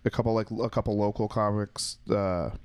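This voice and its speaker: A man's voice: on the low side, steady tone, moderate pace, a little mellow, smooth. A young adult man, a comedian, chatting casually and telling loose stories, acting out people with laughing voices and swearing freely. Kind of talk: casual chat.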